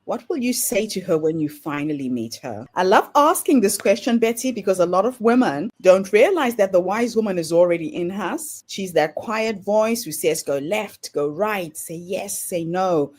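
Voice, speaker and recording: A woman host leads her guest through imagined scenes with a lively, swooping pitch. She sounds encouraging and a little theatrical, painting each question as a vivid picture before asking it. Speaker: interview host. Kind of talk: guided interview questions.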